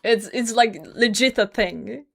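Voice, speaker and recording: A woman's voice: on the high side, a little slow, gravelly, fairly bright tone. A woman streaming a game, chatting casually with her chat, teasing viewers, laughing often and swearing freely. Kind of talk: casual livestream chat while gaming.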